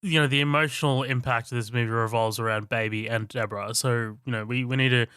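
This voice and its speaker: A man's voice: mid-range voice, fairly even intonation, quick pace, sharp tone, smooth, no echo, studio quality. A man with an Australian accent co-hosting a podcast, hedging his movie opinions with lots of fillers. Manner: hesitant, many fillers. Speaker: podcast co-host. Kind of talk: casual movie discussion.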